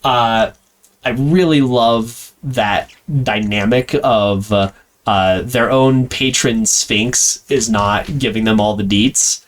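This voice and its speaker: A man co-hosts a podcast in casual chat, rambling with plenty of fillers and laughing often. His voice is lowish and slow.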